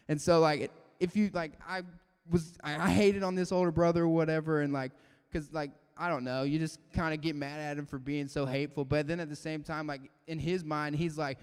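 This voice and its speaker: A young man speaks casually to a youth group, dropping "like" into nearly every phrase. His voice sits a little high and comes across smooth and resonant. A long hall reverb trails behind each phrase. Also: fairly quick. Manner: casual, animated, constant "like" fillers. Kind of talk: casual youth devotional talk.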